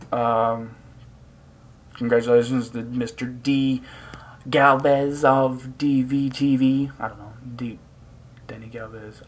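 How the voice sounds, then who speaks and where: A man's voice: mid-range voice, poor audio. A man rambling in a casual vlog, hyper and crude, joking around as he jumps between topics. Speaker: vlogger.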